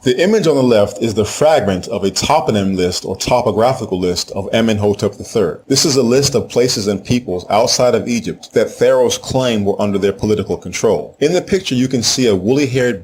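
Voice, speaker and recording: A man reading a scripted lesson in a measured, explanatory way. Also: lowish voice, a little mellow, slight background noise. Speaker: teacher. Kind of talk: scripted narration.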